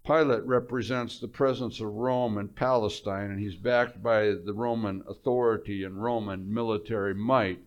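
A male preacher giving a sermon, telling the story in an animated way, repeating words and dropping quiet for emphasis. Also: fairly low pitch, normal speed, hardly any pauses, dull audio.

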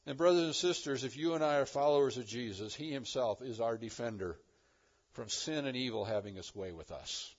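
A man preaching a sermon as pastor, swinging between loud emphatic lines and hushed ones. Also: mid-range voice, fairly quick, muffled recording.

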